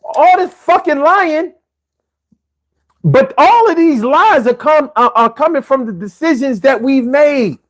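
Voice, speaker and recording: A man's voice: extremely high pitch, lively intonation, measured pace, fairly bright tone. A man in his forties hosting a live stream, talking emphatically and profanely, with many restarts and repeated words. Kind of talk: casual chat.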